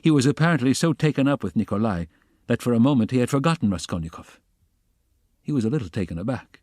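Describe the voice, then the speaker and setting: Guy reading an audiobook, steady even voice, mid pitch, dry and close. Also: fast talker, no room sound. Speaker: audiobook narrator. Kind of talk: scripted narration.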